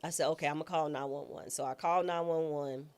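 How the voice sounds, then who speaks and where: A woman guest recounts a personal story with a low, grounded voice that stays in the lower register. She talks in a casual, informal way. She slips into other people's voices when quoting them as she tells the story. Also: a little fast. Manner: lively storyteller who acts out quoted voices. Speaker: guest, former judge and trial attorney.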